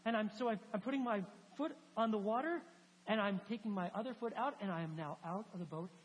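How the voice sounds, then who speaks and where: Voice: mid-range voice, fast, slightly rough, close to an everyday voice. A preacher voicing an apostle who steps out of a boat onto the water, earnest and wondering. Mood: awed. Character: bold apostle stepping onto water in faith. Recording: long hall reverb, faint hum.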